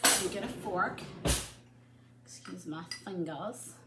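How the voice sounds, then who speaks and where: A woman's voice: on the low side, takes it slowly, very noisy. A middle-aged woman hosting a casual cooking demonstration, chatty and enthusiastic as she works in her home kitchen. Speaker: cooking show host. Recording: echoey room.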